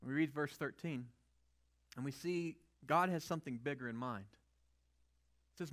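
A man's voice: on the high side, moderate pace, long pauses, a bit bright. A male pastor preaching a sermon in a conversational way, often asking the audience rhetorical questions.

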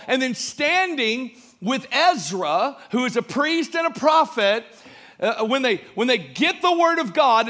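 A man preaching a sermon, joking with the congregation and building from quiet asides to shouted emphasis. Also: very high-pitched. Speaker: pastor.

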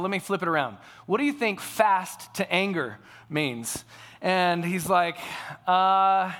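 A man's voice: sits high, fairly bright tone. A man preaching a sermon to a congregation, telling a family story in a conversational way. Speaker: pastor.

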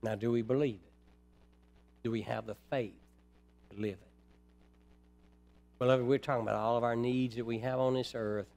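A man preaching a sermon who addresses the congregation as brethren, moving between quiet, low passages and loud, emphatic ones. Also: steady tone, moderate pace, gravelly, long pauses, faint music behind.

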